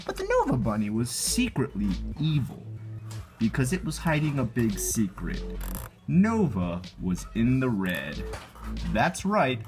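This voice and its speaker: A man in his thirties narrating his life story over drawings, goofy and animated, with silly sound effects. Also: medium pitch.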